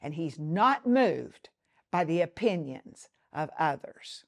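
A woman's voice: low-pitched, big pitch swings, takes it slowly, vocal fry. A woman minister giving a televised Bible teaching, reading scripture and speaking in an earnest, emphatic way.

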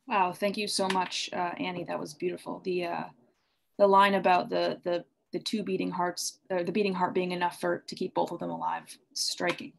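A woman acting as MC at a livestreamed reading, introducing poets with a few halting fillers. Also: lowish voice, little pitch movement, creaky, a little hiss or hum. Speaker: guest MC. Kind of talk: introducing readers. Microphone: livestream home mic.

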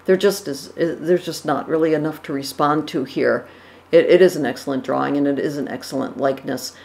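A woman's voice: low voice, a little fast, creaky, a little mellow. A woman giving casual reaction commentary on portrait paintings, thoughtful, with fillers and self-corrections. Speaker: art commentator. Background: dogs barking.

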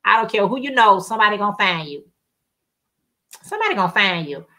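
A woman with a bright, forceful, mid-range voice hosts a casual crafting livestream, speaking fast in a sing-song way. She tells chatty stories in colloquial speech and reads viewer comments aloud.

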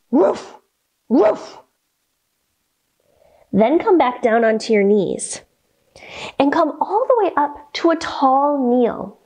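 Young woman, kids' yoga teacher, high and sing-song, unhurried, cheerful coaching tone. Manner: cheerful, encouraging, speaks to young kids. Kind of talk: guided yoga storytime for children.

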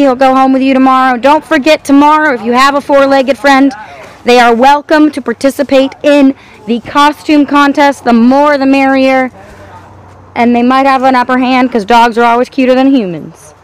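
A woman's voice: high-pitched, clear, resonant tone, low-quality recording. A woman hosting an auction preview, cheerfully listing items as she walks through an outdoor sale yard. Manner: upbeat listing of items, addresses folks. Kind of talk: walkthrough sales pitch.

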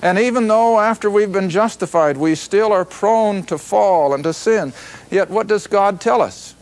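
Older man teaching a slow, emphatic Bible lesson. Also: high voice. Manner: emphatic, repeats key words slowly for note-taking. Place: classroom with live audience.

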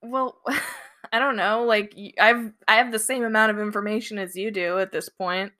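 A woman's voice: medium pitch, fairly even intonation, normal speed, pushed and bright. A young woman co-hosting a casual podcast, chatty and giggly, with lots of "like" fillers. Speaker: podcast co-host. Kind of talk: casual chat.

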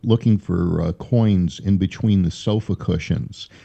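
A man's voice: deep voice, unhurried, vocal fry, warm tone, husky. A man chatting casually, hesitant, with many uhs and short agreements. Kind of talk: casual chat. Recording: dull, lo-fi sound.

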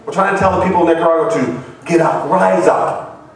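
Racing along in a voice on the high side, an Ohio missionary earnestly preaches and tells stories, building to cries. The recording, made from a distance in a church hall, is very echoey.

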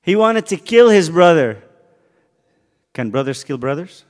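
Animated man teaching a youth Bible class. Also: fairly high pitch, measured pace. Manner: animated, joking, quizzes the kids. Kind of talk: casual youth Bible lesson. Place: church hall. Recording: church hall reverb.

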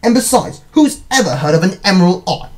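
A man voicing a fussy, nervous male mouse who is the big brother in a storybook, shrill and easily panicked. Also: animated, a little fast. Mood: indignant. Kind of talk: storybook character voice.

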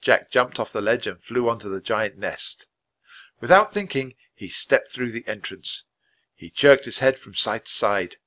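Bright-voiced man reading a storybook. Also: mid-range voice. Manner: clear, measured, expressive reading. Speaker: storybook reader. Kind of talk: reading aloud a children's book.

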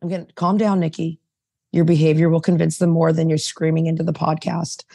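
A woman's voice: low voice, level tone, fairly quick, creaky, dark tone, dry recording, studio quality. A woman podcast host and recovery sponsor, talking in a fired-up, digressive way, reading passages aloud and preaching. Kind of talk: casual recovery podcast chat.

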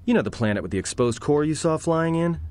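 An actor playing a sarcastic, roguish young prisoner in a video game, with a low, gruff voice and dry, cocky delivery. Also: male voice, lively intonation, fast talker, darkish tone, a little hiss or hum, close to an everyday voice. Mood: sardonic. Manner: wry, cocky, dry jokes. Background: game music.

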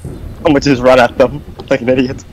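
A teenage boy chatting casually while gaming, goofy and quick to laugh at his own jokes. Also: medium pitch, flat delivery, slight background noise, rough recording. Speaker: gamer.

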